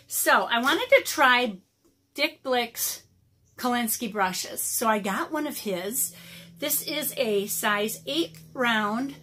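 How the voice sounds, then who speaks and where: A woman's voice: fairly high pitch, pushed and bright, slight background noise. A middle-aged woman chatting casually through an art supply unboxing, rambling with lots of ums and a little out of breath. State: slightly out of breath. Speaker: watercolor artist vlogger.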